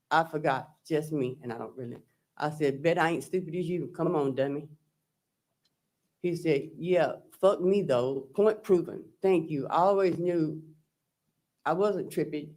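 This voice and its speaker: On the witness stand, a woman defendant gives courtroom testimony in a low, darkish voice, recounting text messages and quoting both sides of the exchange.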